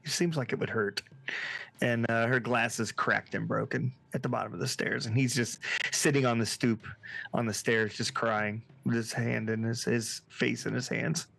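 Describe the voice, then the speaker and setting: A man narrates a tabletop horror game as its game master. His voice sits at an ordinary middle pitch. He talks casually and hesitantly, with plenty of filler words. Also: level tone, moderate pace, creaky, fairly bright tone.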